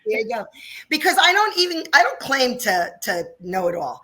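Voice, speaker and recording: A woman's voice: high-pitched, sing-song, normal speed, sharp tone, a little hiss or hum. A woman in her fifties from New Jersey, a dance studio owner chatting in an interview and telling stories with frequent laughs. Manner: chatty, laughs often, storytelling. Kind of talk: casual interview chat.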